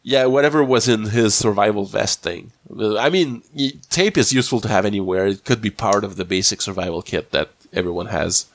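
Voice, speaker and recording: Lowish-voiced man with a cold. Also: no room sound. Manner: rambling, halting, many restarts. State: slightly sick with a cold. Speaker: podcast host. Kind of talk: casual episode recap.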